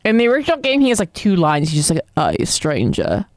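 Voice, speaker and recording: A woman's voice: on the high side, sing-song, rapid-fire, darkish tone. Chatty joking woman streamer. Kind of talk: casual game stream chat.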